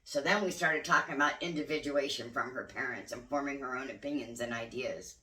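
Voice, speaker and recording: A woman's voice: extremely low pitch, fairly quick, sharp tone, distant mic. An older woman, a grandmother, speaking candidly and earnestly in a reflective spiritual vlog. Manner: candid, earnest, occasionally swears. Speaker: spiritual vlogger. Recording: roomy sound, voice away from mic.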